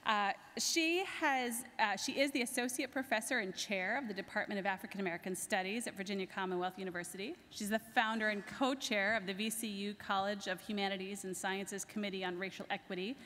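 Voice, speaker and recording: A woman's voice: medium pitch, fairly quick, hardly any pauses, fairly bright tone. A woman introducing speakers at a conference, enthusiastic and candid, with some filler words. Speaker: society president presenting award. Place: large conference hall. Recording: long hall reverb.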